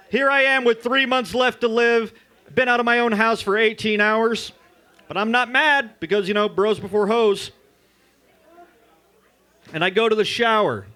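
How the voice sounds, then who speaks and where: A man doing a crude, loud stand-up comedy set at an open mic in a bar. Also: high-pitched. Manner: crude, loud, jokey storytelling. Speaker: stand-up comic.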